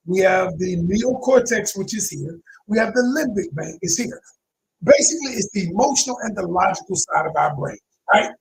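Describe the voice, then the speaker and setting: A man's voice: high voice, creaky, a little hiss or hum, poor audio. A man giving an emphatic teaching talk as a relationship coach, repeating key phrases and speaking straight to his listeners.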